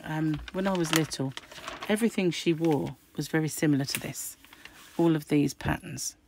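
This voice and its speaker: Croaky middle-aged craft host, deep gravelly voice, chatty and musing. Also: female voice, a little mellow, a little hiss or hum. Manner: chatty, musing aloud while flicking through pages. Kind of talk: casual magazine unboxing chat.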